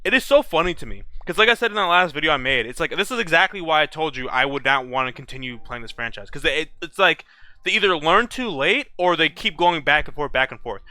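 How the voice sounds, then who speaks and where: A man's voice: on the high side, lively intonation, quick pace, pushed and bright, dry recording. A young man ranting about a game in a casual vlog, swearing often and restarting his sentences. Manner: profane, heated ranting with frequent restarts. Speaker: gaming video creator.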